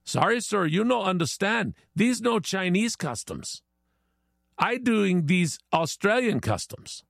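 A man's voice: high voice, very animated, creaky, fairly bright tone, dry recording, studio quality, voice pushed up, exaggerated voice. A man doing a newcomer speaking broken English. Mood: earnest. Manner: halting broken English, apologetic.

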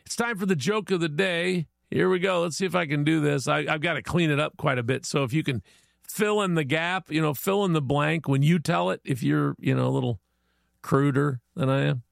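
A man's voice: a little high, brisk, gravelly, dry recording, studio quality. A man hosting a casual morning show, folksy and chatty, plugging local spots and telling a joke of the day. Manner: folksy, chatty, laughs easily. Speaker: radio show host.

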